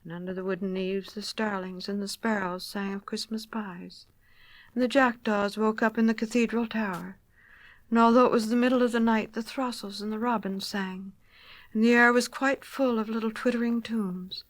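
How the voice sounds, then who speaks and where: A woman reading a children's storybook aloud, gentle and expressive, sometimes dropping to a near whisper. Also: medium pitch, normal speed, dry recording.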